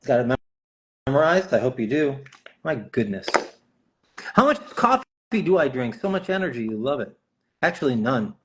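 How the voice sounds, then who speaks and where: A man's voice: medium pitch, sing-song, normal speed, long pauses. A middle-aged man chatting casually and jokingly while signing autographs on a live stream. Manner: playful, jokey, chatty while writing.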